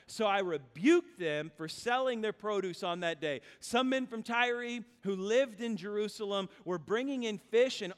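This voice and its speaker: A male pastor preaching a sermon, reading scripture aloud and then explaining it in an animated, humorous way. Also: sits high, clear, resonant tone. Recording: long reverb of a large hall.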